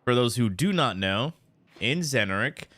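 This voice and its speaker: Unhurried male game streamer, dry close sound. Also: medium pitch, animated, a bit bright, no echo. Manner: loose and joking, many restarts and "guys". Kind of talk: casual live-stream chat while playing.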